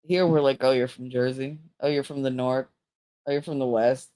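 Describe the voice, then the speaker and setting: A woman's voice: rumbling low, steady tone, normal speed, dark tone. A woman hosting a casual livestream chat with viewers, talking in a rambling, frank and joking way. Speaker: livestream host.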